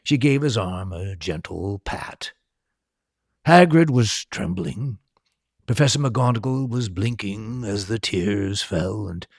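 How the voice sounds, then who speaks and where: Slow, gravelly male storyteller. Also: sits low, no room sound, studio quality. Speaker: storyteller and tour host. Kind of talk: storybook reading.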